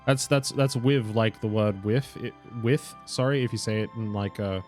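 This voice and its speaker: A man's voice: on the low side, normal speed, darkish tone, faint music behind. A young man casually commenting on his own game stream, rambling, correcting himself, swearing and laughing now and then. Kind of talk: casual live gameplay commentary.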